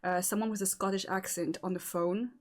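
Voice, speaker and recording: A woman with a French accent, speaking English as a second language, hosting a casual chat and talking haltingly with many fillers and restarts. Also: mid-range voice, steady tone. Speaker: host.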